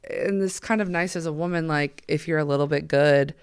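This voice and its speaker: A woman hosting a podcast, chatting casually in a quick, animated way with frequent laughs. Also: low voice, clean tone. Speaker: podcast host. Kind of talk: casual chat.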